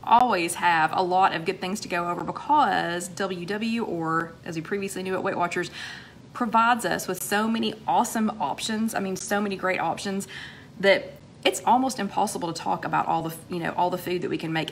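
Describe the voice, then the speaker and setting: A woman's voice: on the low side, a little fast, a little hiss or hum. A woman hosting a casual livestream chat, greeting viewers by name in a chatty, upbeat way with many fillers. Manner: chatty, upbeat, lots of fillers and shout-outs. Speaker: host of a weight-loss livestream chat.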